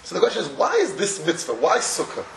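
Animated man teaching from a distance. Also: sits high, quick pace, gravelly, slight background noise. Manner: animated, with many restarts and chuckles. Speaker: Torah teacher. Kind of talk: Torah lecture with storytelling. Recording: echoey room, distant mic, faint ambience.

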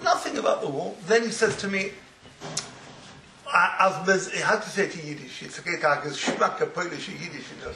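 A man who teaches religious students, giving an informal Torah talk as an animated storyteller who laughs through his words and drops in Yiddish phrases. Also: high-pitched, a little fast, a little hiss or hum. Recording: roomy echo, faint ambience.

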